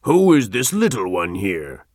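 A man's voice: on the low side, huge pitch swings, unhurried, darkish tone, no echo, studio quality, exaggerated voice. A man voicing a stern, judgmental governor in an audiobook, speaking in a commanding tone.

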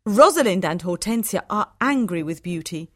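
A woman giving scripted storybook narration, clear, measured and even. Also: mid-range voice, no echo, studio quality.

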